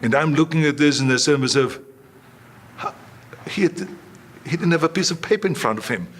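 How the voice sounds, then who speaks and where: A man's voice: on the high side, lively intonation, a little fast, a little hiss or hum. Emphatic man telling stories. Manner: anecdotal, emphatic, repeats phrases. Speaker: guest. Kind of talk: storytelling interview.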